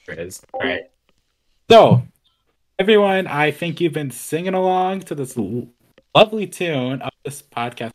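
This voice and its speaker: A man's voice: on the high side, sing-song, measured pace, low-quality recording. A young man hosting a casual podcast chat, rambling along with lots of "like" fillers. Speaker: podcast host.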